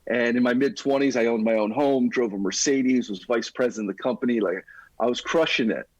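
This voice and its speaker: A middle-aged man tells his own story on a podcast, lively and casual, calling the host "dude." His voice is slightly husky and sits at a mid pitch. The sound is dry and close, with almost no room. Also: a little fast, no room sound, lo-fi sound. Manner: energetic, talks like a buddy, says "dude". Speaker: podcast guest.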